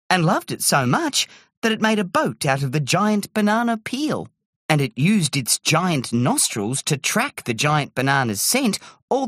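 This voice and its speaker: A woman narrating a children's story aloud with animated, character-filled delivery. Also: low-pitched, husky, no room sound, clean studio sound. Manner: animated, swoops between character voices.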